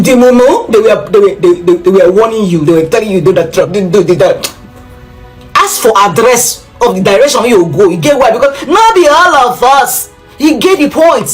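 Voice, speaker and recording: Animated Nigerian woman with Pidgin. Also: on the high side, normal speed, faint music behind. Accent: Nigerian Pidgin English. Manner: dramatic, exclamatory, repeats phrases. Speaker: commentator. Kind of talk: animated reaction monologue.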